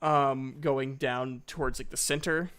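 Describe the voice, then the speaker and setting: A man narrating a tabletop game as dungeon master, slowly and with many fillers. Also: mid-range voice, fairly even intonation, fairly bright tone, clean tone.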